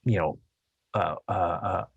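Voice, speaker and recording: A man who is an actor, speaking English as a later language, chatting as a podcast guest in a rambling, halting way with frequent laughs. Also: sits low, vocal fry, slightly rough, no echo, highs cut off. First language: Chinese dialect. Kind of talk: casual interview chat.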